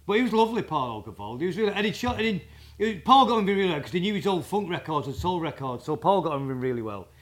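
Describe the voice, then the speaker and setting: A man, a guest drummer telling rambling, halting anecdotes in a casual interview. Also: high-pitched, very animated. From England.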